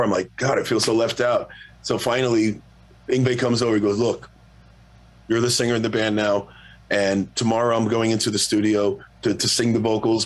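Laid-back lower-voiced man telling stories. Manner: relaxed, profane, self-mocking. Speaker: guest singer. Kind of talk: casual storytelling.

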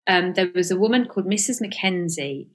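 A middle-aged woman speaks as an interview guest, candid and reflective. She hesitates often and restarts her sentences, filling gaps with soft ums as she thinks aloud. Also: lowish voice, animated, a little fast. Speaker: guest, comedian and author. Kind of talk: reflective casual interview talk.

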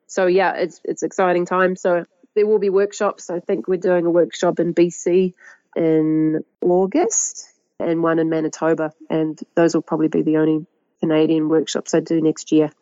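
A middle-aged woman with a New Zealand accent, a guest who talks about her work in a lively, chatty way and laughs often. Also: low-pitched, moderate pace, no echo, muffled recording. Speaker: guest, agroecologist and author. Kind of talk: conversational interview.

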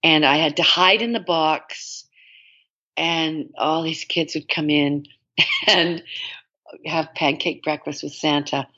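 An older woman from Canada, an actress guest telling stories in a chatty, animated way with frequent laughs. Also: low-pitched, takes it slowly, dull audio. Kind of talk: casual interview chat.

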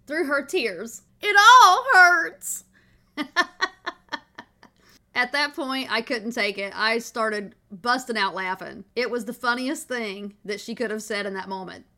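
A woman's voice: medium pitch, bright, forceful tone. A middle-aged woman, hosting a podcast and telling a family story in a chatty, folksy way. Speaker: podcast host.

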